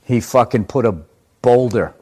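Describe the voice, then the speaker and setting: A man telling stories in a casual podcast chat, animated and full of profanity. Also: mid-range voice, normal speed, husky.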